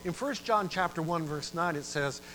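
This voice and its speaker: A middle-aged male preacher with a bright, forceful voice that sits a little high. He builds his sermon story with dramatic surges and hushed drops. A faint hum runs under the recording. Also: animated, normal speed, low-quality recording. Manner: dramatic, swells loud for emphasis and drops low. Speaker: pastor.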